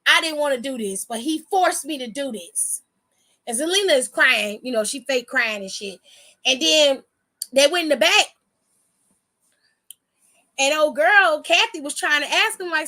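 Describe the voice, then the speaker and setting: A high-voiced woman talks straight to her viewers in a casual vlog recap. She is sassy and chatty and swears freely, with a bright, ringing tone. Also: unhurried, long pauses. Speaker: wrestling recap vlogger.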